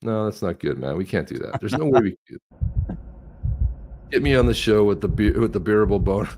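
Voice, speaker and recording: A middle-aged man co-hosting a casual livestream chat, telling stories with lively impressions of other people. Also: on the low side, brisk. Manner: animated storyteller, mimics others with a raised voice. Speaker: co-host of a crypto livestream.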